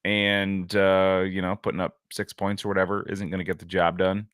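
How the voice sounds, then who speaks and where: A man's voice: deep voice, little pitch movement, moderate pace, a bit bright, smooth, no room sound, clean studio sound. A man co-hosting a sports podcast, musing wryly with lots of hesitations in casual chat. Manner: rambling, hesitant, wry. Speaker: podcast co-host.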